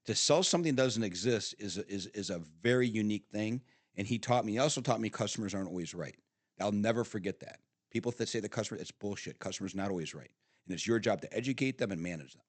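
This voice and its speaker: Middle-aged man, podcast guest, salty animated storyteller, dry close studio sound. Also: on the low side, fast talker, no echo. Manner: animated storyteller, swearing, frequent laughs and restarts. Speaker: podcast guest, father of the host. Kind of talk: casual storytelling chat.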